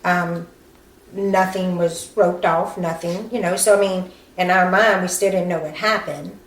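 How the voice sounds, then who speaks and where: A woman interviewed about her sister's death, speaking haltingly and acting out what people said to her. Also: fairly low pitch, fairly even intonation. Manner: halting, acts out quoted dialogue, frequent "um" and "you know". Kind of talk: recounting events in an interview. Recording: echoey room with faint background noise.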